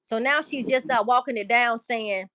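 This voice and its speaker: A woman's voice: on the high side, normal speed, sharp tone, dry recording. A woman commenting on clips in a casual, emphatic way, repeating her points and swearing freely.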